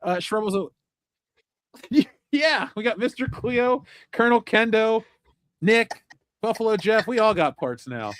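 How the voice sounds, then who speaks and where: Brief: male host, somewhat high and animated, laughs a lot, dry close sound. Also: unhurried, no echo. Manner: laughs often, teasing. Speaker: podcast host reading chat. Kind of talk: casual chat.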